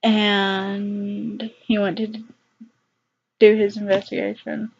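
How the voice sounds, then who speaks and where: A young woman vlogger telling a personal story in a halting, subdued way, with many fillers. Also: medium pitch, little pitch movement, vocal fry, darkish tone, breathy edge. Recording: slightly dull lo-fi recording.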